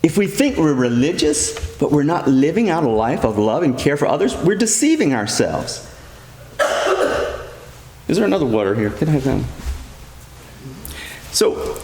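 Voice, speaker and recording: A middle-aged man delivers a sermon with earnest emphasis, leaning on repeated phrases. His voice sits a little high for a man. It rings out through a church with long, roomy reverb. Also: darkish tone, slight background noise. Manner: earnest, emphatic preaching with repetition. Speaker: priest.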